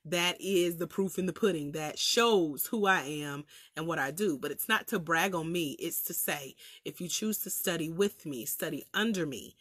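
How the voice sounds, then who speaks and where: Bright, chatty Southern woman livestreaming. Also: deep voice, normal speed, breathy edge, no echo, clean studio sound. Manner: lively, chatty, preacherly; laughs often, colloquial. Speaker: life coach trainer. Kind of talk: livestream talk to viewers.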